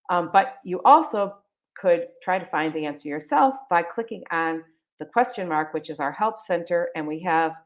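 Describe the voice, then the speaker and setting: Brief: lower-voiced woman hosting an online walkthrough, chatty and eager, dull call audio. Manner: chatty, enthusiastic, many fillers and restarts. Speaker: webinar presenter for a text library. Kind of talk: live webinar walkthrough. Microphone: video call.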